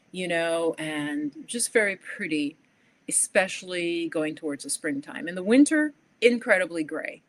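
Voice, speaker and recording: Chatty New woman telling travel stories. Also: fairly low pitch. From New York. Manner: animated storyteller, acts out quoted exchanges, frequent "like" and laughs. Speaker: livestream host. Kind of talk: casual chat to viewers.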